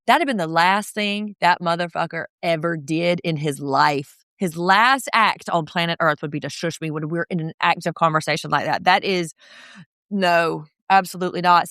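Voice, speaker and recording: A woman in her thirties co-hosting a podcast, recapping reality TV in a casual, profane and sarcastic way, quoting people with lively put-on voices. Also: lowish voice, normal speed, no echo, clean studio sound. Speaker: podcast co-host.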